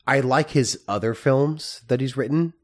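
A man co-hosting a podcast, chatting casually about films in a halting way with many restarts. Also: medium pitch. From United States. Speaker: podcast co-host. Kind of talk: casual movie review chat.

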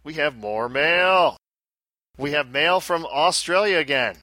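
A man's voice: fairly high pitch, animated, slow pace, bright, forceful tone, no echo. A man co-hosting a casual pinball podcast, joking and self-deprecating in loose banter. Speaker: podcast co-host.

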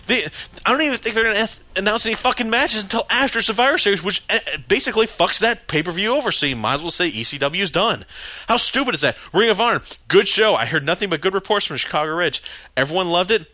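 A man's voice: high voice, lively intonation, fast talker, bright, forceful tone, dry recording. Profane ranting podcast man. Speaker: wrestling podcast host. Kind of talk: casual ranting monologue.

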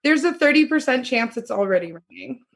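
Breathy high-voiced young woman telling a story. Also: brisk. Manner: animated retelling with acted quotes and laughter. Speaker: podcast co-host. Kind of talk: casual chat, storytelling.

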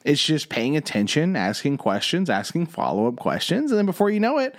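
A man co-hosting a podcast who thinks aloud in halting, reflective sentences, his pitch swinging up and down in a lively way. He sounds dry and close to the mic. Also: dry recording. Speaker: assistant principal and podcast co-host. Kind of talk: casual conversation.

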